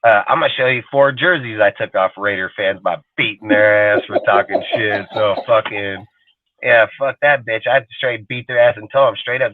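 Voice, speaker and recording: A man's voice: fairly low pitch, steady tone, moderate pace, phone-quality sound, noisy background. A man hosting a live fan show, ranting aggressively in casual talk and swearing constantly. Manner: aggressive, heavy swearing, mimics people mockingly. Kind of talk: profane casual rant.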